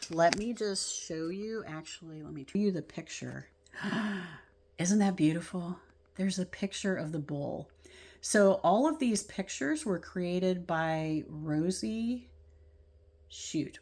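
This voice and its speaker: A woman leading a spiritual class, talking in a gentle, heartfelt way with sighs and soft laughs as she reflects on oracle card guidance. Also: lowish voice. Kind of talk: reflective spiritual talk, reading from oracle cards.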